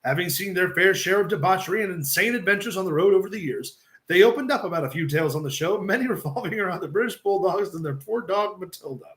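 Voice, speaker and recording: A man's voice: high voice, lively intonation, quick pace, fairly bright tone, reverberant. A man hosting a casual podcast and reading a script aloud in a blunt, loose way. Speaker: podcast host.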